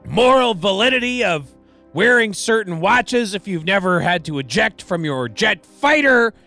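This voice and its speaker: A man hosting a college radio show from the studio, rambling through song credits and deadpan digressions with a wry, self-deprecating manner. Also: sits high, vocal fry. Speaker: radio DJ and host. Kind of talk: rambling casual radio DJ patter.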